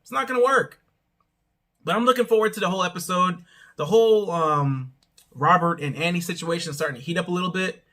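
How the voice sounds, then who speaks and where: A man's voice: sits high, fast talker, pushed and bright. A young man hosting his channel, giving a rambling, casual recap of a reality show and often hedging with "I don't know". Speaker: show reviewer, channel host.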